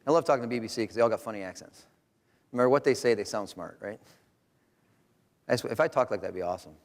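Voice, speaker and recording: This conference talk comes from a middle-aged Rochester, New York man whose voice runs on the low side at a quick pace. Presenting research, he's joking, animated, and conversational, with hall reverb on the recording.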